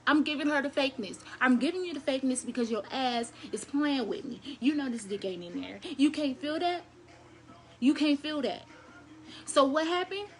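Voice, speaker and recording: A young adult woman telling a blunt, crude story to her viewers in a casual, animated way. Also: sits high, normal speed, soft background music. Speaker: storyteller vlogger.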